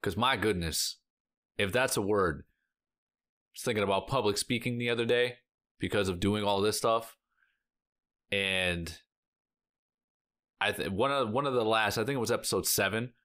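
A man's voice: on the low side, normal speed, long pauses, a bit bright. Rambling man reacting to a show. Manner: rambling, heavy use of filler "like"; emotional, sighing and exclaiming. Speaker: reaction channel host. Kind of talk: casual reaction vlog chat.

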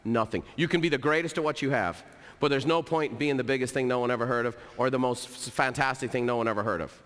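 A middle-aged man giving an energetic motivational business talk, telling stories and repeating key phrases for emphasis. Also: mid-range voice, fast. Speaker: keynote speaker. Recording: hall reverb.

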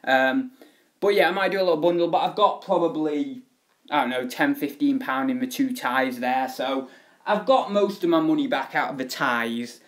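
A man's voice: medium pitch, moderate pace, a bit bright. Chatty young man, lots of ums. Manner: rambling, filler-heavy, chatty. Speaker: live-stream host. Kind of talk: casual live-stream chat.

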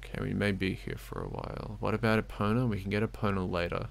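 A man's voice: fairly low pitch, steady tone, fast, vocal fry. A young man giving giggly, self-mocking live-stream commentary as he plays a game, talking to the screen.

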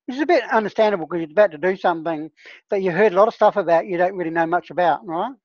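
A woman racing through her words in a fairly low, darkish voice, with no room sound, leads a discussion group as a plant medicine healer. Her casual teaching talk comes over a dull lo-fi call line. She is earnest and conversational, frequently checking in with "right?"

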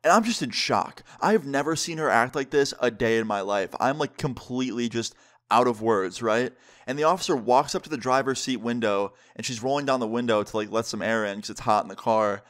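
Young man telling a lively story. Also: mid-range voice, fairly quick. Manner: animated, emphatic storytelling with casual slang. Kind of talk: casual storytime vlog.

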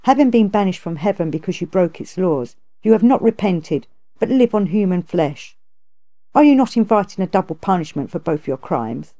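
A woman reading aloud, voicing a stern, lofty female Bodhisattva who admonishes calmly. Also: on the low side, moderate pace. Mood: admonishing. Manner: calm, admonishing.

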